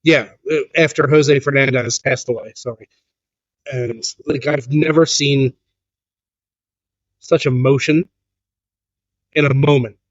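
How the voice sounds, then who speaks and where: A man co-hosting a podcast, speaking in an earnest, measured, reflective way during casual chat. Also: mid-range voice, fairly even intonation, no room sound. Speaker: podcast co-host. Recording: dull, dry lo-fi sound.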